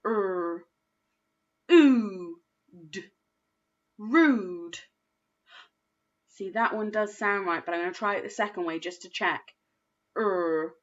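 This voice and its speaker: A woman teaching a recorded phonics lesson to young children, slowly sounding out each word in a patient, encouraging way. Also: lowish voice, sharp tone, highs cut off. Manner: slow, patient, sounding out words. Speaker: primary school teacher.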